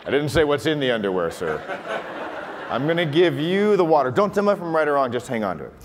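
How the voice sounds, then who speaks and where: Canadian male comedy magician, playful teasing crowd work, a bit high-pitched, live in a reverberant conference hall with faint room noise. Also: sing-song, fast. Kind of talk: stage comedy magic act. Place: large hotel conference hall.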